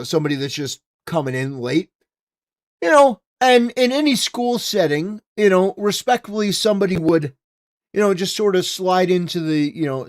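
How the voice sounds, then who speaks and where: A man hosting a live stream, talking casually and ranting, with lots of "you know" fillers and swearing. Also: a little high. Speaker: streamer host.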